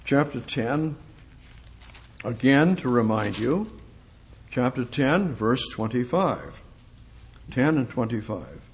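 A man preaching a sermon, reading scripture slowly and pressing his points with emphatic rhetorical questions that swing from soft to exclamatory. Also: mid-range voice, big pitch swings, slight background noise. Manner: reads scripture slowly and deliberately. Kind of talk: expository sermon.

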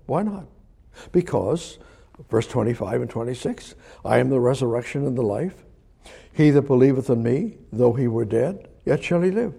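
A man preaching a sermon in a conversational way, asking the listeners questions and chuckling now and then, moving between emphatic lines and hushed ones. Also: mid-range voice, vocal fry, husky.

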